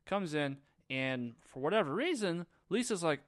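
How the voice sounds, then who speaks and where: A man's voice: mid-range voice, animated, fast, few pauses, dry recording, clean studio sound. A man casually recapping a movie on his own, rambling and sarcastic. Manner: rambling, sarcastic, lots of fillers. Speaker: movie reviewer.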